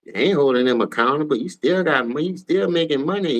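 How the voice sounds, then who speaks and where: A tired man with a New Orleans accent ranting profanely on a casual sports livestream, switching between low mumbles and loud outbursts. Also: animated, quick pace, few pauses. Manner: profane, heated, jumps between mumbling and shouting.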